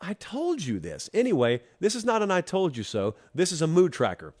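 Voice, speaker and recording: A man's voice: high voice, wildly swooping pitch, brisk, a little mellow. A man from Georgia hosting a college football talk show, giving opinionated commentary with a wry, teasing, emphatic manner as he speaks straight to the fans. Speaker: show host.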